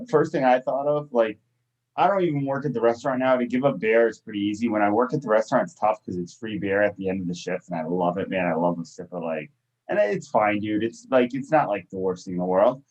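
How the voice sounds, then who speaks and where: A man hosting a podcast in casual chat, telling animated stories full of fillers. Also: on the low side, brisk, muffled recording. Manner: animated storytelling, filler-heavy. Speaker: podcast host.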